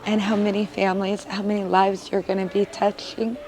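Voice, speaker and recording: A woman's voice: medium pitch, little pitch movement, moderate pace, over music, low-quality recording. A woman, a mother of three boys, giving an earnest, emotional interview testimonial with frequent filler words.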